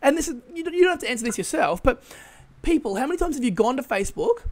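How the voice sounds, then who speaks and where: A man's voice: very high voice, sing-song, racing. A man co-hosting a podcast in casual chat, often stammering and repeating his words. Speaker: podcast co-host.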